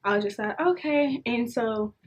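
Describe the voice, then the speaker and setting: A young adult woman vlogger telling a casual storytime, animated and swearing freely as she acts out the dialogue. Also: fairly high pitch, moderate pace.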